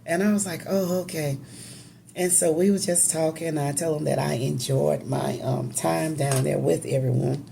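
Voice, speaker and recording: A woman's voice: deep voice, fairly even intonation, moderate pace, vocal fry, warm tone, a little hiss or hum. A woman telling an emotional personal story in a casual, conversational, emphatic way.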